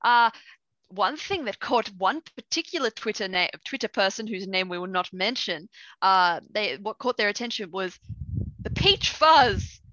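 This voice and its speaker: A woman's voice: medium pitch, normal speed, dry recording, highs cut off. A woman co-hosting a gaming show, joking and telling stories animatedly. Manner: animated, jokey storyteller. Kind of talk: casual review chat.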